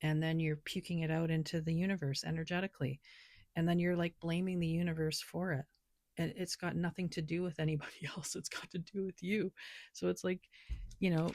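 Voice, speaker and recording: A woman's voice: sits low, steady tone, brisk, a little mellow, slight background noise. A woman who reads tarot and oracle cards, talking loosely and rambling with lots of filler words in a casual spiritual vlog. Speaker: tarot and oracle card reader.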